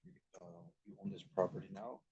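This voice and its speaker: A man's voice: lowish voice, sing-song, a little fast, gravelly, warm tone, lo-fi sound. A man in a study group adding his own thoughts in a hesitant way, filling his sentences with "like" and "uh". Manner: hesitant, many "like" fillers. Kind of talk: asking and adding to a discussion.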